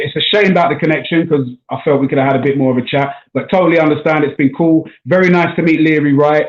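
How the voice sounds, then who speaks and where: South London comic guest, a touch high, talking loose over a thin, echoey call line. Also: male voice. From South London, England. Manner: relaxed, chatty, says man and bro often. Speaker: stand-up comedian guest. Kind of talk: casual chat. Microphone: video call. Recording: echoey, tinny call audio.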